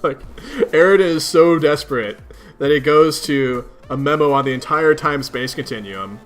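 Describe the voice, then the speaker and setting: A man's voice: a little high, normal speed, soft background music. A young man casually reading a webcomic aloud, with giggly, amused asides. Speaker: reader of a webcomic. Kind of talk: casual read-along commentary.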